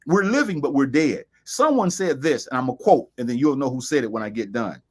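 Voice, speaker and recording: A man's voice: medium pitch, expressive, a little fast. Emphatic preaching-style male talk host. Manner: emphatic, quotes sayings, repeats phrases for stress.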